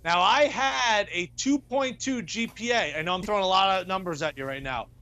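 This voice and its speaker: A man giving an animated, emphatic pick as a sports betting analyst in a studio debate, repeating points for effect. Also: high voice, normal speed.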